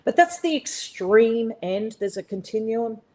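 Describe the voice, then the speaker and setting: An Australian woman, middle-aged, telling a personal story as a podcast guest, animated and blunt, swearing freely with many fillers and restarts. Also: fairly high pitch, a little slow, rough recording. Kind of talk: casual conversational storytelling.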